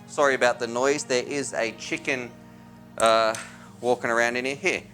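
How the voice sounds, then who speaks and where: A man's voice: medium pitch, fairly even intonation, normal speed, sharp tone, faint music behind. Enthusiastic man reviewing gear. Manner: enthusiastic, chatty, informal slang. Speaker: tech reviewer and channel host. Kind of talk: casual product review.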